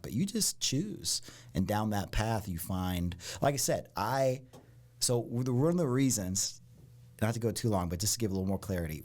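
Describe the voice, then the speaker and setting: A man from Ohio, a podcast guest, telling stories in a casual, animated way and often saying "like" and "dude". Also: deep voice. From Ohio, United States. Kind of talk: casual storytelling.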